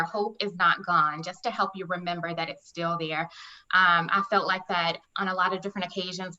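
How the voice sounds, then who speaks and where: A woman's voice: lowish voice, sharp tone, muffled recording. A woman on a group video call, earnestly offering faith-based encouragement and advice. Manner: earnest and exhorting. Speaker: community member on a video call.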